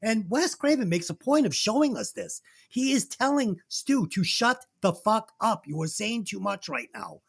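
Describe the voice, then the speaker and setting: Lively, profane podcast host. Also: mid-range voice, moderate pace, few pauses, slightly rough. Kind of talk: casual movie review chat.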